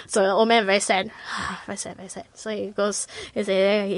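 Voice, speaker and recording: A woman's voice: medium pitch, normal speed, few pauses, no room sound. A woman, chatting casually and acting out voices as she tells a story. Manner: animated storyteller, acts out voices, laughs often. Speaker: guest sharing stories. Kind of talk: casual chat.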